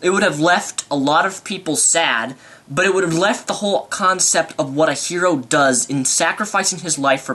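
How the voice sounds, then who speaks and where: A young man rambling excitedly through an unscripted movie review vlog. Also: on the high side.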